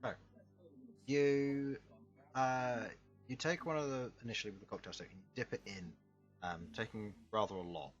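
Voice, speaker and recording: Brief: male game master, steady descriptive narration, slightly dull sound, soft background music. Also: mid-range voice. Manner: descriptive, unhurried, chuckling between lines.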